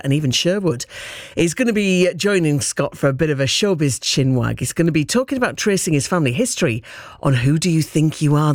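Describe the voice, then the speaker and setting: A man's voice: fairly high pitch, dry recording, clean studio sound. Breezy male radio presenter. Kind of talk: radio links and trailers.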